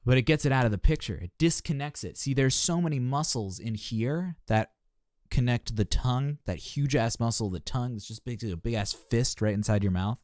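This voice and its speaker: Reacting on a live stream, a vocal coach with a mid-range voice speaks briskly, mixing passion and jokes into animated teaching. The audio is clean studio sound with no room sound.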